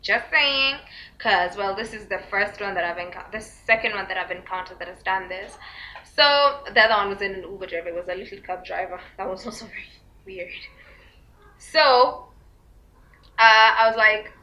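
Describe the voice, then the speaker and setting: A young woman telling a storytime to her vlog viewers, full of fillers and likes, acting out quotes in a high squeaky voice. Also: normal speed, sharp tone. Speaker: vlogger. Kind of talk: casual storytime chat. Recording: dull lo-fi recording.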